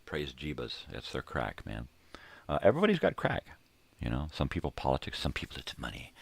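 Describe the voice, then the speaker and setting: A man's voice: extremely low pitch, big pitch swings, fairly quick, gravelly, slightly rough. An older man hosting a rambling, laid-back morning monologue, talking in a casual, profane way from a home room crammed with tapes and records. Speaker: host.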